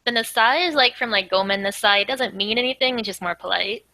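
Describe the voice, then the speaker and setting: A woman's voice: on the high side, fast, pushed and bright, no room sound. A woman casually explaining Japanese words from a manga, chatty and filling her talk with "like". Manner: chatty, full of "like", laughs often. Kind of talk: casual language lesson.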